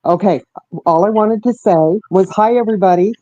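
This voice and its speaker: A woman's voice: medium pitch, normal speed, warm tone, dry recording. A woman calling into a livestream panel on speakerphone, explaining things firmly. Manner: firm, explanatory. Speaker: panel caller. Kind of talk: casual livestream panel chat. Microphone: phone on speakerphone. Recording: dull speakerphone audio.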